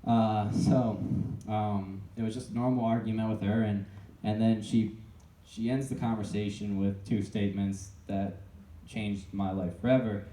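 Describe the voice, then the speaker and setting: A young man tells his own story to a live audience, halting often and starting his sentences over. His voice is low and very dark. It sounds distant, as if recorded from across a reverberant room. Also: fairly even intonation. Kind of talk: personal testimony to a live audience. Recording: echoey room, voice picked up from a distance.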